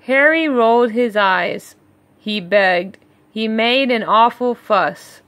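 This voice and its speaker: A woman reading a rhyming children's picture book aloud, slow and measured, with chuckling asides between pages. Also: fairly high pitch, fairly bright tone, dry recording. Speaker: read-along storyteller.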